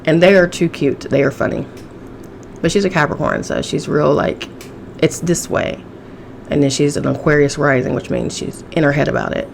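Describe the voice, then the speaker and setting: A woman's voice: low voice, normal speed, vocal fry, slight background noise. A woman hosting a casual solo podcast, sassy and profane, laughing often, with a chesty cough. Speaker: podcast host.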